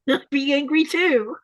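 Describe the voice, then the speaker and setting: A woman's voice: high-pitched, no room sound. A woman hosting a casual live chat, reading viewer comments aloud and laughing often. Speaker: live stream host.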